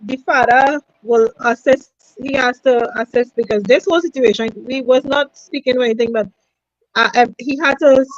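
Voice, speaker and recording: A woman's voice: high voice, normal speed, dry recording, highs cut off. A middle-aged Trinidadian woman calling in to describe her family's eviction, earnest and repetitive, speaking Creole. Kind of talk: emotional call-in account.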